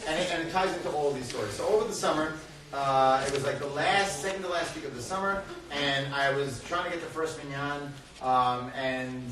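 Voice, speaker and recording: A man speaking as a guest at a parenting talk, telling a lively personal story to a live audience and acting out the voices in it. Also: fairly high pitch, brisk. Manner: animated, laughing, acts out voices in his stories. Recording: echoey hall, far mic, crowd noise.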